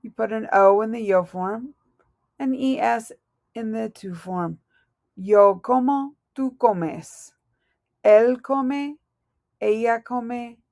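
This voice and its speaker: A woman's voice: fairly high pitch, vocal fry, darkish tone, dry recording, studio quality. A woman teaching a recorded language lesson, patiently spelling out verb endings letter by letter. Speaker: Spanish teacher.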